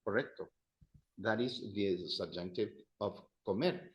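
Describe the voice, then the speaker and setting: A man's voice: on the low side, measured pace. A man teaching an adult-education class, patiently walking students through conjugation drills and praising their answers. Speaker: Spanish teacher. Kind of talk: adult-education language lesson. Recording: roomy, dull classroom sound.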